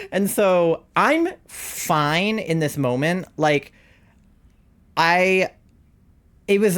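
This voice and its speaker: A young adult streamer recounts a story to chat from a home setup on a desk mic. The delivery is loose and chatty, full of "like" and quick laughs. The pitch sits right in the middle. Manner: chatty, heavy use of "like", frequent laughter. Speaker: live streamer.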